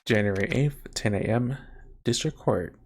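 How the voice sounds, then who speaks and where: A man's voice: on the low side, normal speed, slight background noise. A man doing a casual let's play, voicing the lawyer hero with wry asides.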